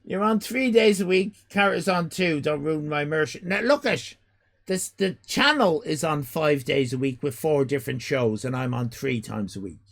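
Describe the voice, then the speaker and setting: An Irish man in his fifties hosting a live stream, loud and exclaiming, swearing and joking as he reacts to chat. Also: fairly high pitch, expressive, moderate pace, creaky. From Ireland. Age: 50s. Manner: loud, exclaiming, swears and jokes, rambling restarts.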